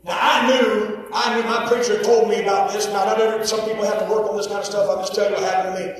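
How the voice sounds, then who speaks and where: Man preaching testimony, high-pitched, fervent, booming echoey hall, far from mic. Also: flat delivery, quick pace. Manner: impassioned, bursts into shouting. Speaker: testifying speaker. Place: church hall.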